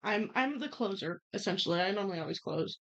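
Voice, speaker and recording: A young woman co-hosting a podcast, telling work stories in animated quick bursts. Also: mid-range voice. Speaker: podcast co-host. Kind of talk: casual chat. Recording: muffled lo-fi audio.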